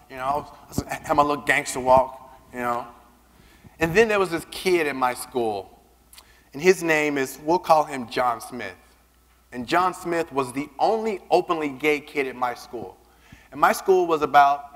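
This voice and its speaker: A man giving a keynote speech, telling personal stories in an animated way and acting out the voices of the people he quotes. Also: a little high. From Southern United States. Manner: animated, acts out quoted voices, repeats words when starting a line. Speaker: keynote speaker. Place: large conference hall. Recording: reverberant hall.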